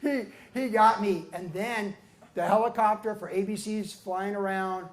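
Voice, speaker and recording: An older man, a pastor and former pro surfer, telling his life story to an audience as an animated storyteller who acts out quotes. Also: sits high, measured pace, echoey room. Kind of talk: storytelling talk at a book event. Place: surfing museum event hall.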